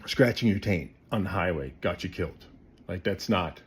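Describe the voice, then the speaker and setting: A man telling a comic story to the camera, swinging between loud bursts and hushed asides. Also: low-pitched, normal speed, husky.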